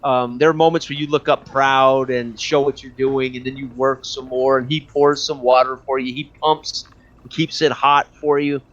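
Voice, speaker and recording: A man narrating a tabletop game as game master, halting with fillers and restarts. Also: medium pitch, little pitch movement, a bit bright. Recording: dull lo-fi audio.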